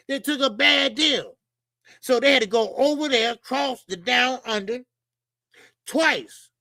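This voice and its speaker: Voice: medium pitch, vocal fry, bright, forceful tone, no echo. A boxing channel host giving blunt, profane opinions straight to viewers, often repeating lines for emphasis.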